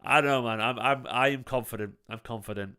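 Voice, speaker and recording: Live on his fan channel, a man reacts to a football match in a smooth, clear, mid-pitched voice with a sharp tone, talking fairly quickly. He's casual and emphatic, repeating points to drive them home and swearing freely.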